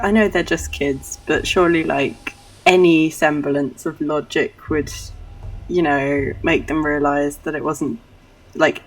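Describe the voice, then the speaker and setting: Giggly husky woman streaming a game. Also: low-pitched. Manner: giggly, chatty, self-deprecating. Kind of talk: casual let's-play commentary. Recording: voice somewhat far from the mic.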